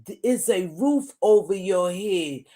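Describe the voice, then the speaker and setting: A woman vlogger giving casual, blunt commentary, animated and repeating points for emphasis. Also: medium pitch, takes it slowly. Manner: blunt, informal.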